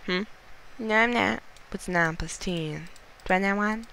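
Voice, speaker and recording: A man with a slightly high voice narrating his gameplay in a goofy, excitable way. He chatters at himself and the other players as he goes, and a faint hiss sits under his voice. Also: measured pace, gravelly, long pauses. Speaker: gaming channel host. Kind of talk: casual gameplay commentary.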